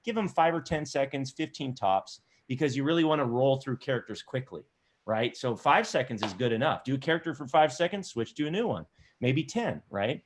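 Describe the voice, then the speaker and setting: A man teaching an improv class over a video call from his laptop, at a mid-range pitch. He is encouraging but rambles, restarting and repeating his phrases as he gives instructions. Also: lively intonation, fairly quick. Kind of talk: coaching an online class.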